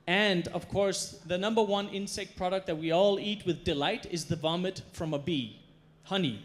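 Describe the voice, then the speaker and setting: Guy doing a stage talk, kinda high voice, tells stories with lots of punch and humor. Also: moderate pace, hardly any pauses. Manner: storytelling, emphatic, playful. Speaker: chef giving a stage talk. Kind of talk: stage presentation. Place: stage before a live audience.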